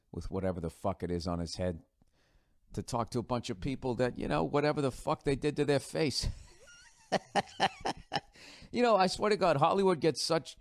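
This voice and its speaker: Boston-accented male podcast host, 40s, lowish voice, dry close sound, sarcastic and profane. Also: dry recording. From United States. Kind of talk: casual rambling monologue.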